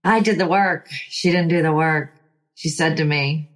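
A woman life coach speaks with a slightly low voice, emphatic and given to sighs. She tells a motivational personal story and breaks into fired-up bursts. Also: measured pace.

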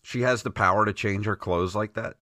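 A man's voice: lowish voice, fairly quick, sharp tone. A man co-hosting a casual podcast commentary, teasing and asking curious questions. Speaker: podcast co-host.

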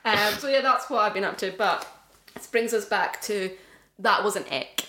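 A woman's voice: medium pitch, moderate pace, a little hiss or hum. A young woman with a Scottish accent co-hosting a podcast, telling stories in casual chat and laughing often. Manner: laughs often, animated storytelling. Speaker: podcast co-host.

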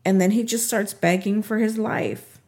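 A woman casually recapping a TV episode, retelling scenes in an animated way and acting out what the characters say. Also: mid-range voice, moderate pace. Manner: animated retelling, acts out quotes.

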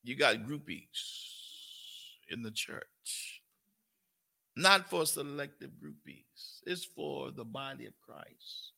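A man's voice: medium pitch, big pitch swings, takes it slowly, vocal fry, pushed and bright, husky. An older man, teaching a Bible study sermon in a folksy way and calling on his listeners. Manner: folksy, calls on listeners, puts on a cooing grandparent voice. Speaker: pastor.

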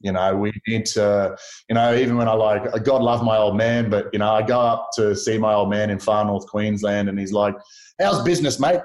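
A man's voice: on the low side, moderate pace. Man with a roomy echo. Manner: animated storyteller who acts out quoted voices. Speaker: podcast guest. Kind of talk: casual conversation.

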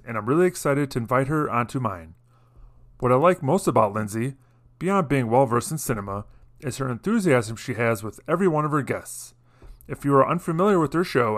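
A man hosts a podcast, reading his introduction and then chatting casually with his guest. He sounds friendly and a little halting, with a mid-range voice for a man. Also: medium pitch. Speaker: podcast host. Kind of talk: casual interview chat.

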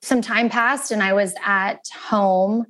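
An earnest woman in her thirties tells a personal story as an interview guest. She talks in an animated way and brings the people in her story to life by acting out their voices. Her voice sits in a middle register for a woman. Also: mid-range voice, slow pace. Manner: earnest and animated, acting out quoted phone calls.

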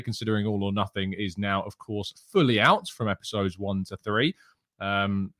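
A man's voice: on the low side, fairly bright tone, dry recording, clean studio sound. A man hosting a daily football news show, talking casually with many "uh" fillers and greeting his live chat. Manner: casual, chatty, frequent "uh" fillers. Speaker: host.

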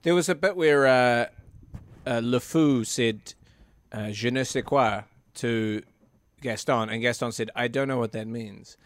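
Male co-host, casual chat, deadpan delivery, dry close recording. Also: mid-range voice, measured pace, no echo. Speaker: podcast co-host.

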